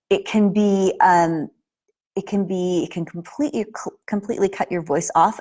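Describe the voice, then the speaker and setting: A woman's voice: on the low side, a little mellow. A woman acting teacher giving a casual spoken lesson to camera, earnest and explanatory, often restarting her sentences.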